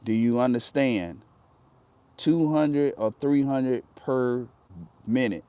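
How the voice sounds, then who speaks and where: A man's voice: medium pitch, slow pace, warm tone, clear, resonant tone, dry recording. A man telling a personal story in a casual, earnest way, often repeating himself for emphasis.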